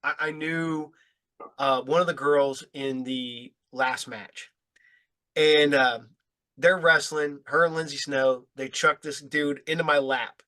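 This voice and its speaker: A man's voice: on the high side, steady tone, slow pace, bright, forceful tone. A man hosting a podcast, telling casual, profane stories with frequent chuckles. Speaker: podcast host.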